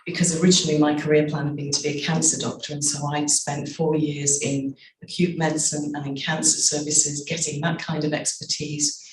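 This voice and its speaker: A middle-aged woman, an author, reading aloud from her memoir and telling its stories in a measured way with slow, emphatic pauses. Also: low voice, a little hiss or hum. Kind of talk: live reading and storytelling. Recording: echoey, distant room mic.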